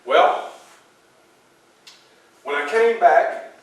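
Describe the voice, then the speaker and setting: A man performing a first-person historical story, addressing a live audience as a lively storyteller. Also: high voice, drawn-out words. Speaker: historical reenactor. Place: public library event room. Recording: echoey room from far off.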